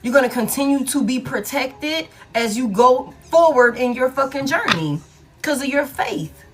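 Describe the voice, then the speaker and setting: A woman's voice: sits high, animated, normal speed, soft background music. A woman giving a casual tarot reading, blunt and profane, repeating key lines for emphasis and laughing often. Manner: laughs often between remarks. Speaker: tarot reader.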